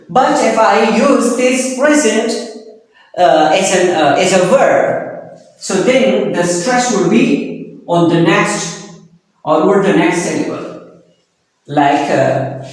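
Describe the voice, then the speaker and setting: Male lecturer, high pitch, slow and deliberate, heavy room echo with long reverb. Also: expressive. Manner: slow, explanatory, with frequent fillers. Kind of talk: recorded lecture.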